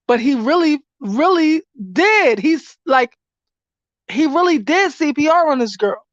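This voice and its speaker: A woman in an angry commentary vlog, ranting with profanity and swinging between loud outbursts and low muttering. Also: no room sound, muffled recording. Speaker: vlogger.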